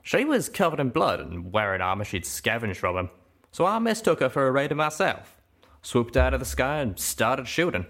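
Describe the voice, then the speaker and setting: A man voicing a boastful male pegasus pony gunslinger who talks in a folksy drawl, animated and emphatic. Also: medium pitch, normal speed, voice pushed up. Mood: defensive.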